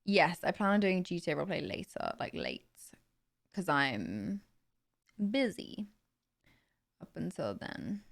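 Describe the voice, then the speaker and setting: A woman's voice: lowish voice, big pitch swings, a little slow, creaky, pauses often. Chatty young woman streamer. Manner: chatty, answers chat questions, laughs often. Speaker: livestream host. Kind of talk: casual chat with viewers.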